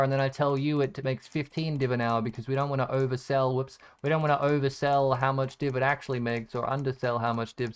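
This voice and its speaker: A man's voice: medium pitch, clear, resonant tone. A man giving casual gameplay commentary, rambling from tip to tip with lots of swearing and sarcastic jokes at his own expense. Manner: rambling, profane, sarcastically self-deprecating. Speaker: gaming content creator.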